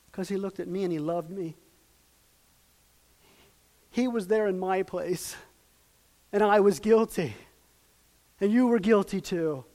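A man preaching a sermon, moving between loud, emphatic peaks and hushed, quiet passages, acting out lines and asking questions. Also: high voice. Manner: dramatic, acts out quoted lines and asks the audience questions.

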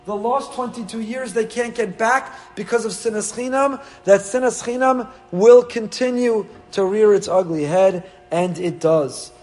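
A man's voice: high-pitched, fairly even intonation, a little slow, hardly any pauses, darkish tone. A man, a rabbi giving an emphatic Torah sermon, full of rhetorical questions and rising with feeling.

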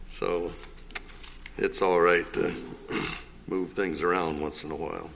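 A man's voice: low-pitched, fairly even intonation, slow pace, pauses often, a bit bright, a little hiss or hum. Older man giving folksy testimony. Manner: rambling, folksy storytelling with frequent throat clearing. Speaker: church member giving testimony. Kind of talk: informal testimony.

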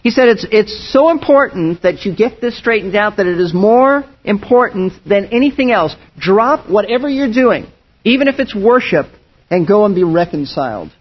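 A man's voice: sits high, lively intonation, moderate pace, breathy edge. A man preaching a sermon as pastor, earnest and emphatic, often restarting his phrases. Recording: dull lo-fi sound.

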